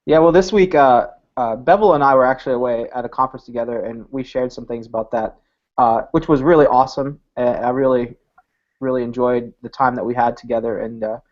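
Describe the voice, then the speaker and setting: A man who is a pastor, talking on a podcast in a reflective, halting way with many fillers. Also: medium pitch, darkish tone, dull audio. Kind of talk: casual podcast chat.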